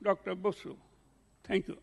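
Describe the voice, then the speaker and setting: A man chairing a conference, formally introducing a speaker by reading out a list of achievements in a measured way. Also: high voice, fairly even intonation, creaky.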